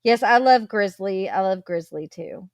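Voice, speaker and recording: Woman, mid-pitched voice, dry close sound, chatty stream host. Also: expressive, a little slow, no echo. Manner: chatty, talks to her viewers. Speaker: livestream host. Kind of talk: casual live chat.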